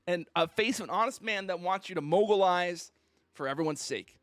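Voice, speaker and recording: Give me a high-voiced man streamer in a theatrical, mock-indignant rant, with a dry, close sound. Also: fairly quick, fairly bright tone, no echo. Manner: mock-indignant, theatrical, keeps asking "okay?". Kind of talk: casual livestream rant.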